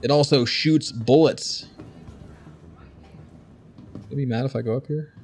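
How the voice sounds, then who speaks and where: A man's voice: mid-range voice, fairly even intonation, a little slow, darkish tone. A man streaming a video game, commenting casually, joking, swearing and talking to his chat. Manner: jokey, swears, talks to chat. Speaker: gaming streamer.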